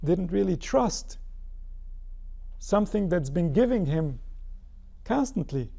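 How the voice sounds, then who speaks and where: A man's voice: high voice, very animated, slow, gravelly, dark tone. A man giving a spiritual Torah lecture, posing rhetorical questions and answering them himself. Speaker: spiritual teacher.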